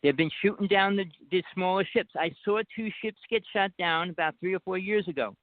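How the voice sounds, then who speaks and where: A man with a New Jersey accent talks on and on in a rambling phone chat, insistent and hard to interrupt. His voice sits a little high for a man. The sound is dry and squeezed thin like a phone call. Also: a little fast, no echo. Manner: insistent, talks over the other speaker. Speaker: guest. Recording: dry tinny phone line.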